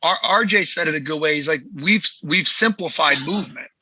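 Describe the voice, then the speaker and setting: A man's voice: a little high, brisk, sharp tone, husky, dry recording, poor audio. A man hosting a podcast as a movement coach, talking in a blunt, heated and profane way. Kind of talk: casual podcast chat.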